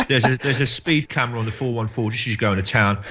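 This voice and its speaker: A man's voice: mid-range voice, rapid-fire, fairly bright tone. A man from Essex with an Essex accent, a guest on a casual podcast, joking playfully and rambling in slang. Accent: Essex English. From Essex, England. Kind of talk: casual chat.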